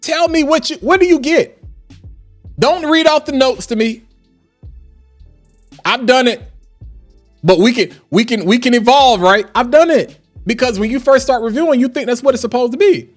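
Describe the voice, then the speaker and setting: High-voiced man, animated fragrance reviewer. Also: normal speed, long pauses, faint music behind. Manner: animated and emphatic, slangy. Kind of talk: casual live-stream chat.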